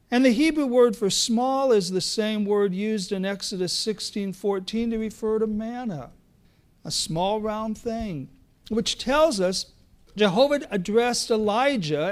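A man preaching a sermon, dropping to hushed tones and rising to loud emphatic exclamations. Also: high voice.

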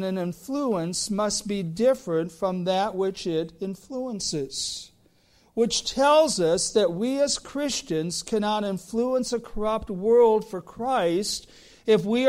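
Slow, high-voiced male preacher. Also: a little mellow. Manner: slow, deliberate preaching with rising emphatic phrases. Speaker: pastor. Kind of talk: sermon.

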